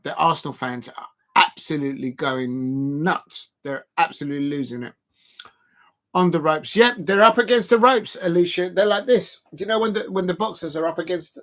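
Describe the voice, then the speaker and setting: Man, football watch-along host, casual rambling chat, somewhat high pitch. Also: fairly bright tone. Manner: rambling and chatty, laughing often. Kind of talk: casual live-stream commentary.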